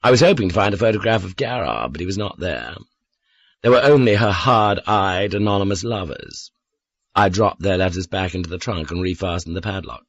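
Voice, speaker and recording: A man narrating an audiobook in the first person, with a measured, even storytelling delivery. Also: sits low, dry recording, lo-fi sound.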